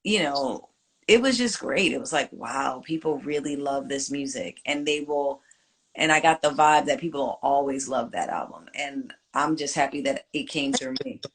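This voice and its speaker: A woman's voice: a bass voice, normal speed, breathy edge. A woman in her forties, a singer, chatting reflectively in an interview with many fillers. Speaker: singer guest. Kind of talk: casual interview chat.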